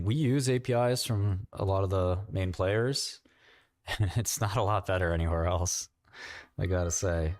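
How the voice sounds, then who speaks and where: A middle-aged man with a New York accent hosting a livestream, rambling with quick asides and mocking questions. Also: lowish voice, a little mellow, no room sound, clean studio sound. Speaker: livestream host. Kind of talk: casual livestream chat.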